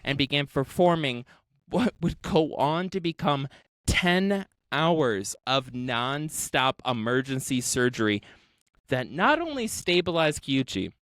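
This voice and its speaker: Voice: medium pitch, a bit bright, no echo. A podcast host retelling a story in casual chat, laughing often, swearing freely and acting out the quoted voices.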